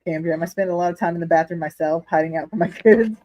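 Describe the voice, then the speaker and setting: A woman's voice: fairly low pitch, fast, warm tone, poor audio. A woman hosting a casual livestream from her living room, chatting candidly with viewers, laughing often and swearing freely. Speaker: livestream host reading chat. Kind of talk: casual chat.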